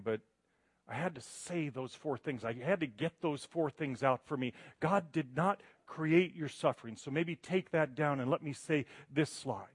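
A man's voice: mid-range voice, husky, dry recording. A middle-aged man delivering a sermon as a guest preacher, chatty and self-deprecating, building to emphatic passages. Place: church sanctuary.

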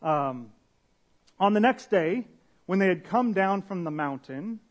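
A young pastor preaches in a loose, conversational way, using slang and restarting sentences while reading and explaining scripture. His voice is a bit higher than most men's, expressive, and delivered at a measured pace.

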